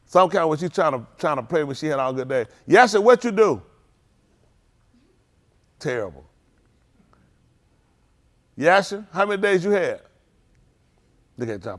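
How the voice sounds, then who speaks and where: A playful pastor with a high, bouncing voice, ribbing his young congregants by name. He swoops way up when he jokes or mock-sings and drops low and quiet when he turns serious. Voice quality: high lively voice that leaps up in mock singing. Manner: playful teasing, calls out names, Southern Black vernacular phrasing. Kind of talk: informal sermon with youth check-ins. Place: congregation hall.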